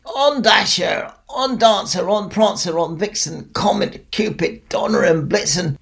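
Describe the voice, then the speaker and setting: A man's voice: medium pitch, gravelly, breathy edge. A man, speaking as Santa and chuckling as he tells a children's story. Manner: chuckling, warm storybook telling to kids.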